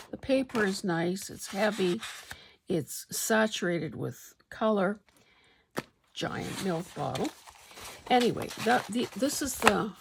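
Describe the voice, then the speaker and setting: A woman talks through her paper-craft projects in a relaxed show-and-tell vlog. Her voice carries a gravelly fry, and she speaks slowly. She rambles along with plenty of fillers, and a faint hiss sits under the recording. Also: on the low side. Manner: rambling and conversational, with frequent fillers. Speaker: crafting channel host.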